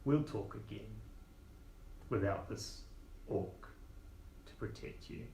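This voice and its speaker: A cold, smug mercenary who makes calm, clipped threats, as a man voices him. The low voice is heard in a roomy recording with a faint hiss. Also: takes it slowly. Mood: menacing. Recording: roomy echo.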